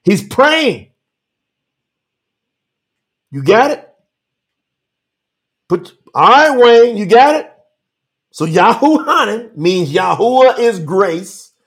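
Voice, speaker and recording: A man preaching on a live stream, animated, calling out to viewers by name and reading scripture slowly for emphasis. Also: high voice. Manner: Southern-style 'y'all' address, drawn-out emphatic reading. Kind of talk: livestream sermon reading scripture.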